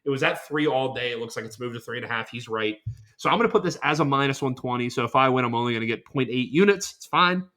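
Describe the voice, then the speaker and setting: A man's voice: medium pitch, fast, pushed and bright. A man co-hosting a casual podcast, boisterous and profane, with a Western Pennsylvania accent, often slipping into exaggerated impressions. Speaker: podcast co-host. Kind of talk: casual chat.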